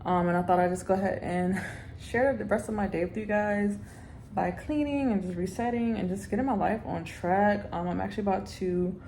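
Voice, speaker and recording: A woman's voice: mid-range voice, moderate pace, dark tone, slight background noise. A young adult woman vlogging at home in a loose, chatty way with lots of fillers. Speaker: lifestyle vlogger. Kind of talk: casual chat to camera.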